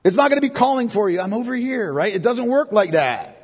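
Male pastor, high husky voice, chatty sermon full of "right?" asides, long church reverb. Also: very animated, fast talker. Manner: conversational preaching with frequent tag questions.

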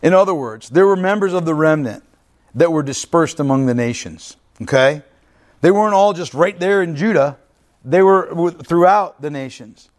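A man's voice: on the high side, lively intonation, moderate pace. A man teaching through a Bible passage in a conversational way, often checking in with "right?" and "okay?" and sometimes restarting his words. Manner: earnest, restarts and stumbles over words. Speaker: pastor teaching Bible study.

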